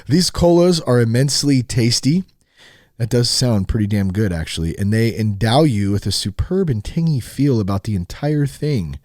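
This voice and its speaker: A man's voice: on the low side, lively intonation, normal speed, mellow, no echo, studio quality. Playful man hosting a podcast. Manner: playful, mocks the wording, laughs often. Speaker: podcast host. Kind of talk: joking read-through of an article. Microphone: studio mic.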